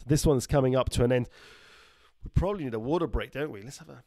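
A man's voice: medium pitch, fast, mellow, no room sound. A man, a doctor hosting a casual live stream, reading out viewers' names and places and joking with the chat. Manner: reads out viewer names and greetings, jokey.

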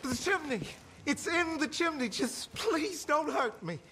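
A man's voice: very high-pitched, animated, unhurried, full character voice. A man voicing a frightened rural father in a video game cutscene, pleading and breaking down. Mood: desperate. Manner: pleading, broken. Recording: game audio under loud music.

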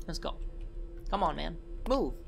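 A young man commenting on a horror game, joking and shouting at the scares. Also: on the high side, creaky. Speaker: gaming commentator.

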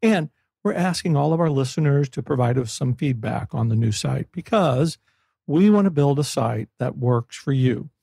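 A male podcast host, chatty and upbeat, who laughs easily. His voice is gravelly and husky, with a mellow, darker tone. The sound is dry and close. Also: medium pitch, no echo. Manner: chatty and enthusiastic, laughs often. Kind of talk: casual podcast interview. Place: Florida.

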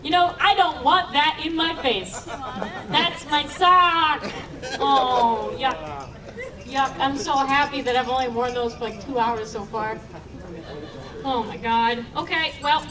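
A woman hosting a convention panel, talking to the crowd in a playful, animated way, often laughing. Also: high-pitched. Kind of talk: live panel commentary to an audience. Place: convention panel room with audience. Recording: distant camera, crowd noise.

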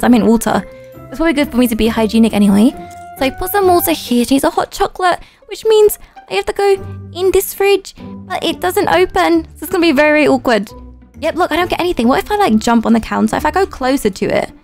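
A young woman giving chatty roleplay commentary, her voice high and bright. She gasps, jokes with herself and keeps up a playful running patter. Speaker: YouTuber.

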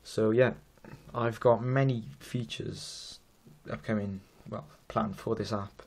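A man's voice: fairly low pitch, fairly even intonation, slow pace, creaky, a little mellow. A young man in his late teens with a Welsh accent, casually demoing an app he built at home, rambling and self-deprecating. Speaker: app developer giving a demo. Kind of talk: casual demo talk.

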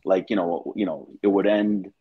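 A man's voice: sits low, normal speed, breathy edge, phone-quality sound. A man hosting a casual live-stream chat over a video call, rambling with many restarts. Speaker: show host.

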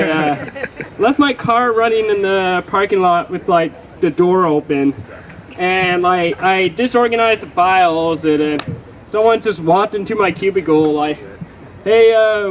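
A man's voice: high voice, low-quality recording. A young man with a Texan accent doing a rambling, profane stand-up set in front of a live crowd, full of fillers and self-mocking asides. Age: young adult. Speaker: stand-up comedian. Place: comedy venue with live crowd. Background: audience laughing.

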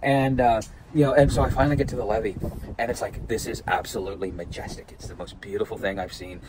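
A man telling a rambling, animated story about his hike in a casual outdoor vlog with lots of restarts. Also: lowish voice, fast. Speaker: vlogger. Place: outdoors at a campsite. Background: wind and outdoor ambience.

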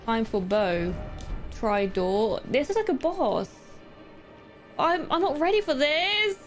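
A high-voiced woman gives live let's-play commentary, her pitch swinging wildly as she reacts. She is excitable, swears and laughs a lot, and talks to her chat in an unhurried way. Game music plays clearly behind her. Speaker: gaming streamer.

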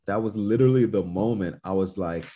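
On a podcast, a Newark, New Jersey musician tells easygoing stories, cursing freely and dramatizing his earlier reactions. His voice sits on the low side, mellow, and his delivery is brisk.

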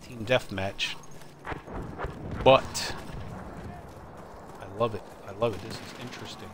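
A man streaming a war shooter, wisecracking and reacting excitedly while he plays. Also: fairly low pitch, slow pace. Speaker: game streamer. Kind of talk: live gameplay commentary. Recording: game audio loud behind voice. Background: loud gunfire and game sounds.

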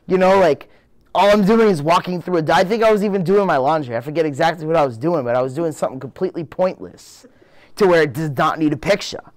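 A man's voice: fairly high pitch, animated, fast, no room sound. A man in his twenties with a Boston accent telling a story casually. His talk rambles, is full of "like" and "you know", and he acts out what he said back then. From Boston area. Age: 20s. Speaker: interviewee.

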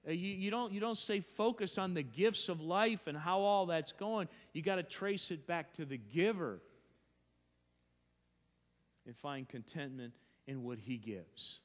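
A man's voice: on the high side, a little slow. Man preaching in a reverberant church. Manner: emphatic, repeats phrases, frequent restarts. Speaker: pastor. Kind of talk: sermon. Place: church sanctuary.

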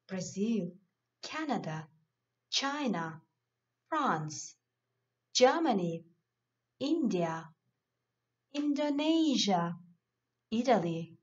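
A woman teacher going slowly through English vocabulary lists of countries and nationalities in a classroom lesson. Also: mid-range voice, breathy edge. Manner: reads word lists slowly and deliberately. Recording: dull lo-fi recording.

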